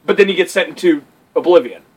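Quick-paced and high-pitched with a breathy edge, this man co-hosts a casual podcast through poor audio. He recounts stories animatedly and profanely, acting out the things people said.

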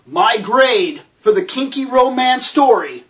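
A sarcastic reviewer tears into a film, swearing constantly and breaking into incredulous outbursts. The voice sits in a middle pitch and sounds slightly distant from the microphone. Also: expressive, takes it slowly, fairly bright tone. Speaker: movie reviewer.

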